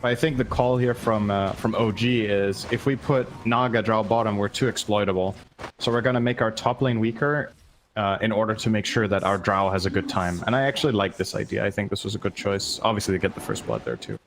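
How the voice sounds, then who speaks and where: A man's voice: on the low side, fairly quick, a little hiss or hum. A man commentating an esports match live, breaking down plays analytically and thinking aloud. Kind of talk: casual live game commentary.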